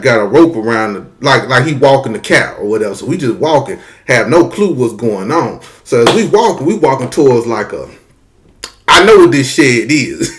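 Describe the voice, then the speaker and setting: A man telling a story casually and with lots of profanity, talking straight to his audience. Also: medium pitch. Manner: animated, profane, addresses the audience as y'all.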